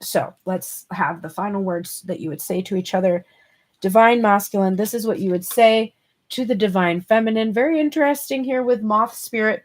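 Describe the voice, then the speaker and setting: A woman reading tarot cards for her viewers in an easygoing, talk-as-you-think way. Her speech is full of fillers and restarts, and it breaks now and then into bright, emphatic bursts. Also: medium pitch. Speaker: tarot reader.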